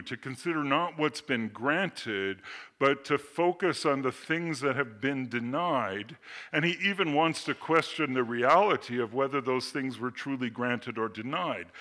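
A man preaching a sermon, explaining scripture with slow readings, asides and rhetorical questions. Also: medium pitch, expressive, sharp tone. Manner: expository teaching, reads scripture slowly, asides and rhetorical questions. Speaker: pastor.

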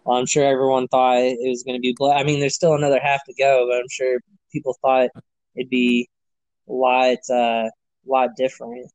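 A man hosting a sports podcast from his computer over a remote call, with an easygoing manner and frequent "uh" pauses. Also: mid-range voice, monotone, a little mellow, no room sound, poor audio. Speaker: podcast host. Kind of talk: casual sports chat.

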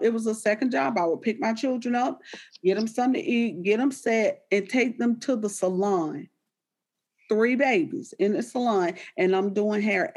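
A woman, animated and laughing as she tells stories about raising her children in a candid conversation. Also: medium pitch. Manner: animated storyteller, quoting herself to her kids, laughs often.

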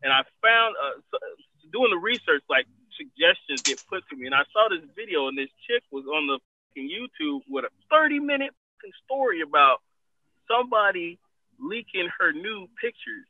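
A man from Los Angeles telling loud, profane stories in casual chat, laughing and quoting others. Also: high voice, very animated, normal speed, no echo. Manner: loud, profane storytelling with laughs and quoted voices. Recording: dry, phone-like narrow sound.

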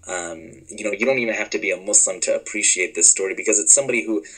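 Bright-voiced man telling a story. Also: lowish voice, fast, husky, low-quality recording. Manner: animated, acts out dialogue in the story. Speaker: guest storyteller. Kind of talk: conversational storytelling.

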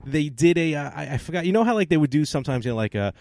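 Animated man telling stories, dry mic. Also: a little high, very fast, dry recording. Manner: animated storyteller, laughs often. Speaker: podcast co-host. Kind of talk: casual chat.

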